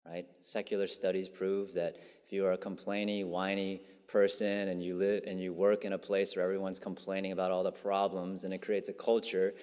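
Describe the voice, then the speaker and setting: A pastor giving a casual, conversational sermon, full of fillers and asides. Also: male voice, low voice, little pitch movement, brisk, hardly any pauses, darkish tone. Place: church sanctuary. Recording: long church hall reverb.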